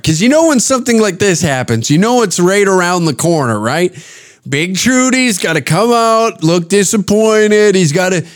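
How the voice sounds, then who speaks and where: A man hosting a podcast, giving crude, profane reaction commentary and mocking what he watches, often laughing. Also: sits high. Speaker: podcast host.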